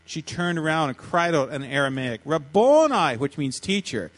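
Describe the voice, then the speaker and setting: A man preaching a sermon, retelling a story in lively, animated fashion and acting out the voices with frequent restarts. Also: medium pitch, normal speed, low-quality recording. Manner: animated, acts out voices in quotes, many restarts. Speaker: pastor.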